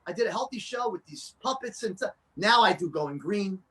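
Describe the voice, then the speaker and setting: A man chatting as a guest, an excitable storyteller who restarts his sentences a lot. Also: high voice, normal speed. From New Jersey. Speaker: guest, children's fitness performer. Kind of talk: casual interview chat.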